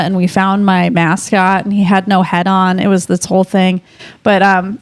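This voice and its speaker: A woman in her thirties co-hosts a talk show. She tells stories in a chatty, casual way and laughs often. Her voice sits at a middle pitch and is recorded close and dry. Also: dry recording. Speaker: co-host. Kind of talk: casual chat.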